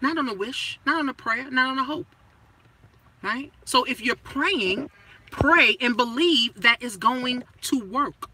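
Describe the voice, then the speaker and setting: A woman's voice: high-pitched, measured pace, slight background noise, low-quality recording. A woman money coach in a blunt, profane motivational rant, full of rhetorical questions and punchy, emphatic phrasing. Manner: punchy, emphatic phrasing that swings between loud and hushed.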